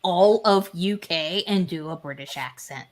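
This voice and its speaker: A woman with a fairly low voice and a slightly slow pace hosts a casual livestream chat. She reads out viewer comments and rambles, restarting her sentences often.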